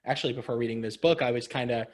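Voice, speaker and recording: A man's voice: medium pitch, rapid-fire. A young man co-hosting a political podcast, talking casually with easy laughs and frequent restarts. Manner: conversational, laughs easily, frequent restarts and fillers. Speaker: podcast co-host.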